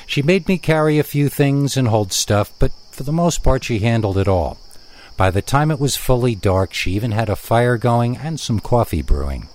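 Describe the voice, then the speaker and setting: A man narrating a first-person horror story in a lively storytelling manner. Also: fairly low pitch. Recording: constant background noise.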